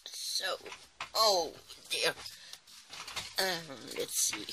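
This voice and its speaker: A woman's voice: fairly low pitch, lively intonation, extremely slow, background noise. A woman chatting casually and sleepily while crafting in her small home craft room, rambling with apologetic asides. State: sleepy, early morning. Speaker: crafting vlogger.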